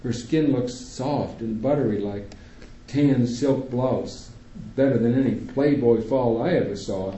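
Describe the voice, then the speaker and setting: Man narrating audiobook, very dark mellow voice, measured, tense, roomy dull recording. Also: medium pitch, a little hiss or hum. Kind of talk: first-person audiobook narration.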